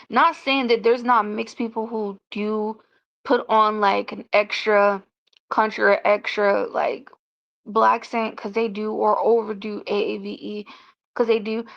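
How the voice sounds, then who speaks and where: A woman's voice: mid-range voice, level tone, moderate pace, creaky. A woman from South Carolina, giving opinionated casual commentary as a vlogger. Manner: opinionated, ranting. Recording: dull lo-fi recording.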